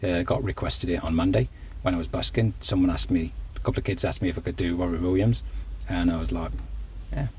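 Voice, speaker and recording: A man's voice: low voice, fairly quick, hardly any pauses, a little mellow, a little hiss or hum. A man busking on a town street, chatting to his camera and to passers-by in a friendly, rambling way. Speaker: busker and singer-songwriter. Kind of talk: casual vlog chat and street busking patter.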